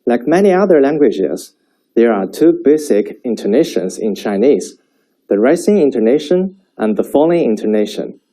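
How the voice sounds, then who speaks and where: A man teaching a Chinese language lesson, speaking slowly and clearly so learners can repeat after him. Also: medium pitch, big pitch swings, mellow, rough recording. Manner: slow, clear modeling of sentences for repetition.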